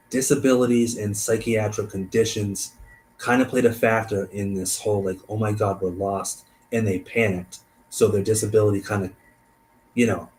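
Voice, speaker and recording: A man hosting a stream, reading a case aloud and thinking out loud between passages, trailing off and restarting. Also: on the low side, a little hiss or hum, rough recording. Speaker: host.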